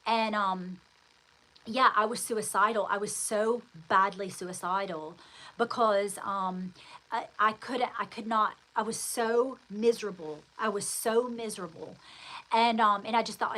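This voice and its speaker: Bright-voiced woman telling her story. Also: mid-range voice, fairly even intonation, measured pace, poor audio. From United States. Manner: rambling, emphatic, with frequent restarts and fillers. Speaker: host. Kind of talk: candid personal storytelling.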